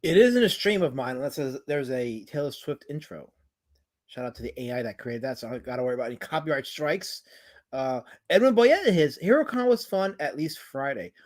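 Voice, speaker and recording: A man's voice: mid-range voice, animated, a little fast, a little mellow. A man hosting a casual livestream. He rambles, jokes, swears and reads viewers' comments aloud, and he sounds tired. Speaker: livestream host.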